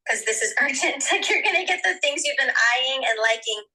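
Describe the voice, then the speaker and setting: A woman's voice: high-pitched, animated, a little fast, pushed and bright, low-quality recording. A woman recording a persuasive voice note, eager and pushy. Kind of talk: persuasive voice message.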